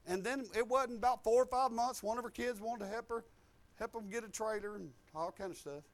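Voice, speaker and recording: Fifties male pastor, high-pitched, folksy storyteller who builds to loud emphatic preaching. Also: very animated, normal speed. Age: 50s. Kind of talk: sermon.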